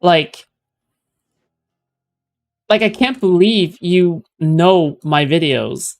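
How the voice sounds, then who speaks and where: A man's voice: high voice, extremely slow. A man streaming, giving casual commentary on a clip in a rambling, sarcastic way with lots of filler words. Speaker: streamer reacting to clips.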